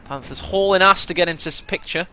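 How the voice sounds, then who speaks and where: A man casting a strategy game match, chatty play-by-play that bursts into excitement at big moments. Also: high-pitched, fast, slight background noise. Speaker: game caster.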